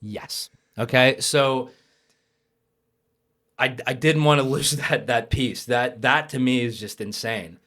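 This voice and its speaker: A young adult man telling a personal story as a podcast guest, lively and casual, with swearing. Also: mid-range voice, takes it slowly. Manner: animated, swears, acts out quoted voices.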